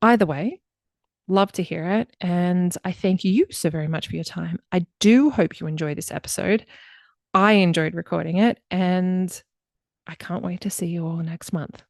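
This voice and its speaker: A woman's voice: fairly low pitch, moderate pace, gravelly, dry recording, studio quality. A woman hosting a podcast, introducing her guest in a chatty, enthusiastic way. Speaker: podcast host.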